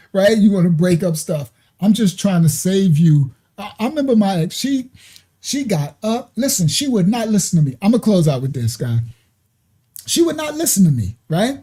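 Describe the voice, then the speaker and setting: Laughing, mellow-voiced man preacher host. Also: high voice, very animated, moderate pace, slightly rough. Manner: laughs often, loose storytelling, frequent "right?". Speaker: ministry host. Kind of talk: casual livestream teaching, answering viewer comments.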